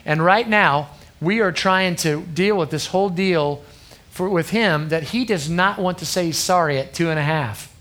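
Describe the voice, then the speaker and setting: A man's voice: on the high side, moderate pace, fairly bright tone. Earnest man preaching to youth. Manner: earnest, conversational, often asks the crowd "okay?". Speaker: youth pastor. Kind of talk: sermon to a youth group.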